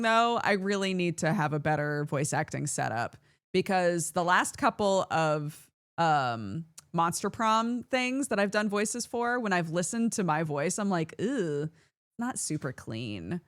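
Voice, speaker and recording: A woman streamer in casual chat with viewers, animated and laughing often as she reads chat aloud. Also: mid-range voice, normal speed, dry recording, studio quality.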